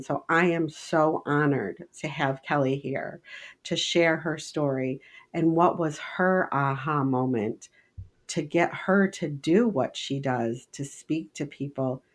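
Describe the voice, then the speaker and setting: A woman in her fifties co-hosts a podcast and tells a personal story earnestly. Her voice sits very low for a woman. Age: 50s. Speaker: podcast co-host. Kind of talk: casual interview chat.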